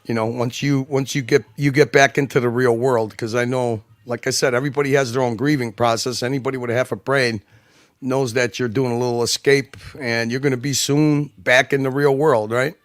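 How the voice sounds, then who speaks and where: A man's voice: medium pitch, steady tone, fairly quick, no echo, studio quality. A man talking as a guest on a livestream, rambling and emphatic, with many restarts and asides. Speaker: guest commentator. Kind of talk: casual livestream chat.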